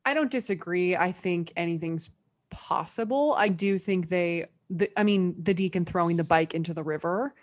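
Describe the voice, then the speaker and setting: A woman co-hosting a podcast, chatting casually, asking questions and making quick asides. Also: lowish voice, no echo, clean studio sound. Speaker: podcast co-host. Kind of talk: casual chat.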